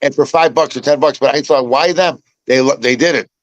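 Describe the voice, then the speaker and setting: A man's voice: mid-range voice, fairly even intonation, fast talker, no echo, low-quality recording. An older man from Chicago, a podcast host telling stories in a rambling way, with many restarts and repeats. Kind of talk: casual chat.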